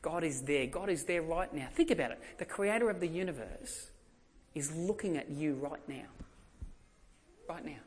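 A man's voice: fairly high pitch, lively intonation, normal speed. An Australian man preaching a sermon as a pastor, telling stories in a conversational way and repeating emphatic phrases.

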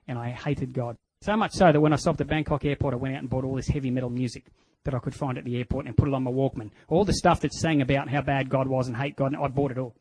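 An Australian man delivers a personal testimony as a sermon, earnest and frank, sometimes stumbling over his words. His voice sits at an ordinary middle pitch. The sound is dry, with no room echo. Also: a little mellow. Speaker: preacher sharing personal testimony.

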